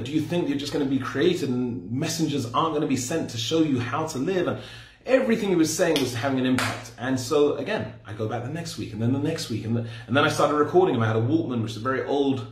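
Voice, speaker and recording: A man's voice: mid-range voice, roomy sound. A man in his forties from England with an English accent, telling his personal story in a rambling, conversational way with frequent self-corrections. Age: 40s. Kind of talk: personal testimony talk.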